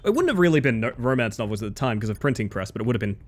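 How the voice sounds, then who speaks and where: A man chats casually on a live stream, drifting from thought to thought. He keeps dropping in "like" and "you know" as he talks. His voice sits at an ordinary middle pitch. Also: big pitch swings, very fast. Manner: rambling, full of "like" and "you know".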